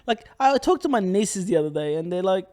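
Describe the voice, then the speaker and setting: A man's voice: high voice, animated, fairly quick, a little mellow. A young man co-hosting a podcast, telling rambling stories in a casual chat and laughing as he goes. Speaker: podcast co-host.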